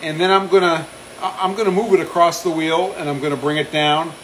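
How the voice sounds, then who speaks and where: In a machine shop, a man casually talks through a machining demonstration on a phone live stream, reading out viewer comments while he works and poking fun at himself. His voice is on the high side, steady, brisk and fairly bright. The recording is rough, with a little hiss or hum.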